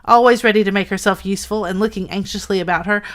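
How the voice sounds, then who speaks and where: Brief: woman co-host reading a storybook aloud, measured, mid-pitched, unhurried. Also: fairly even intonation. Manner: slow, careful reading, explains wordplay. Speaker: podcast co-host.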